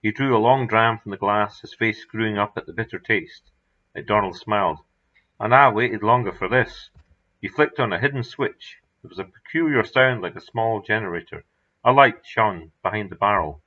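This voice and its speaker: A man reading his own horror story aloud in a measured, dramatic narration. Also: on the low side. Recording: dull lo-fi recording.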